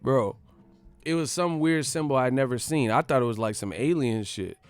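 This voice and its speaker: A man's voice: medium pitch, normal speed, smooth, no echo, faint music behind. A man hosting a boxing channel, ranting casually with profane jokes and rambling asides. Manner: profane, joking, rambling with laughs. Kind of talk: casual comedic rant.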